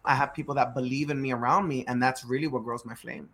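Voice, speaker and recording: A man who runs a growth firm for startups, telling stories on a podcast with lively energy, acting out quotes and hammering key words through repetition. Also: medium pitch, fast. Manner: animated storyteller acting out quotes; emphatic, repeats key words. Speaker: startup growth CEO guest. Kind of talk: podcast interview conversation.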